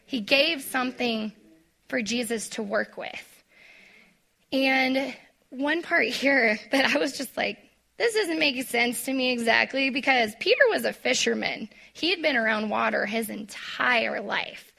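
Bright, gravelly woman teaching a Bible story. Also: a little high, a little slow. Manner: chatty, lots of "like", acts out quotes; talks to the audience directly. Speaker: women's Bible study leader. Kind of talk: casual devotional teaching.

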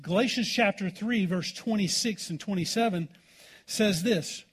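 A man's voice: sits high, unhurried, slightly rough. A man pastor preaching a sermon in a church, in a folksy, informal way and calling out for "amen" from the congregation.

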